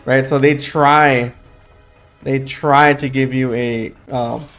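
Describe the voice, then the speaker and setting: A man's voice: medium pitch, fairly even intonation, takes it slowly, fairly bright tone, faint music behind. A young man with a dry throat and a sleepy late-night voice, chatting casually while playing a game and rambling through his thoughts with fillers. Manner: rambling, thinks aloud with fillers and restarts. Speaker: gaming YouTuber. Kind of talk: casual gameplay commentary.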